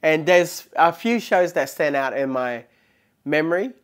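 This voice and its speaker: A man, a comedian guest telling stories in casual chat, animated and laughing often. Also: fairly high pitch, unhurried.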